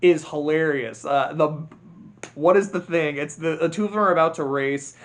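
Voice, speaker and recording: Male vlogger, higher voice, casual rambling film review, quick to laugh. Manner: rambling, self-interrupting, laughs often. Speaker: video creator.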